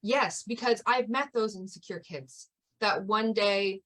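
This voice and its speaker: A woman's voice: mid-range voice, a little slow, a bit bright. Thoughtful woman in a casual podcast chat. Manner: thoughtful, hedging, laughs often.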